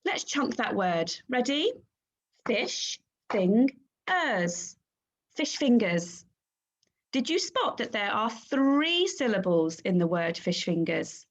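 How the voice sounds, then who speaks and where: A woman teaching a phonics lesson to young children, sounding out letters and syllables clearly and praising the class. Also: on the high side, very animated, measured pace. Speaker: primary school teacher.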